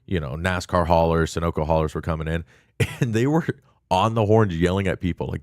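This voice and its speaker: A man's voice: low-pitched, a little fast, a little mellow, no echo, clean studio sound. A young man co-hosting a podcast, chatting casually and laughing often as he tells stories. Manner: laid-back, laughs often while telling stories. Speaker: podcast co-host. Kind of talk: casual chat.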